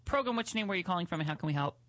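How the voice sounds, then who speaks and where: A man's voice: high voice, expressive, fairly bright tone, no room sound. A man co-hosting a call-in radio show, playful and campy, talking into a studio mic. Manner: playful, campy, quick to laugh. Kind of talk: casual comedic radio chat. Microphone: studio microphone.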